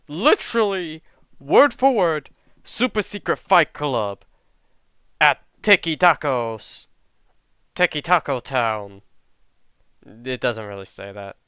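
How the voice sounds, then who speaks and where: A man's voice: medium pitch, sharp tone, clean tone, no room sound. A young man casually telling a made-up fan story, jokey and swearing now and then.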